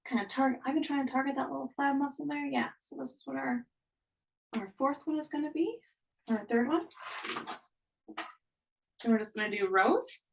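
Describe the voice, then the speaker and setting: A woman's voice: high-pitched, normal speed, vocal fry, long pauses, recorded from a distance, low-quality recording. A young woman leading a live online workout class, cheering people on and counting down each interval. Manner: upbeat, encouraging, counts down intervals. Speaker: fitness instructor.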